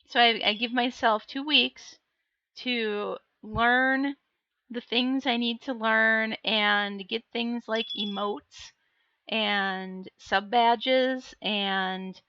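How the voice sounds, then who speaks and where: A woman's voice: on the high side, fairly even intonation, drawn-out words, pushed and bright, smooth, highs cut off. A woman streamer chatting casually on a live stream, laughing often and answering her viewers. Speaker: live streamer and miniature painter.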